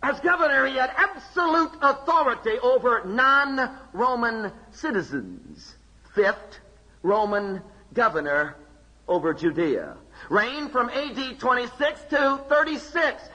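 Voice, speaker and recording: A man preaching a sermon, emphatic, with rhetorical questions and dramatic pauses. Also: extremely high pitch, big pitch swings, pushed and bright, muffled recording. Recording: long hall reverb.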